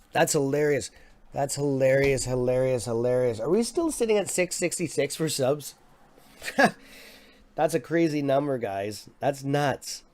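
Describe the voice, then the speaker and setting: A man hosting a casual live stock market stream from his desk mic, excitable and quick to react, muttering and apologizing now and then. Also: medium pitch. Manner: excitable, swears under his breath, apologetic. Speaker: livestream host. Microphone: desk microphone.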